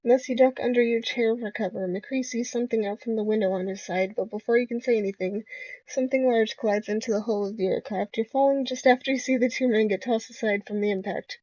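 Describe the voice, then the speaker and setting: A woman's voice: a little high, quick pace, dark tone, no echo. A young woman reading a dating game's text aloud, with casual asides. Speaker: game player reading aloud. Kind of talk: let's-play narration. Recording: dull lo-fi home recording.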